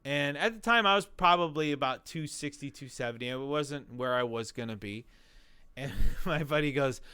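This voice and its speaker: A man in his forties, a guest telling a long story in an interview, animated and rambling, full of restarts and acted-out quotes. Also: a little high, normal speed, dry recording. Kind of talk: conversational storytelling.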